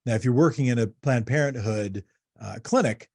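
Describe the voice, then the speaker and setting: Podcast host guy, lowish voice, chatty, pokes at his guest. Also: normal speed, darkish tone. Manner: conversational, probing, often restarts phrases. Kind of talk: podcast interview.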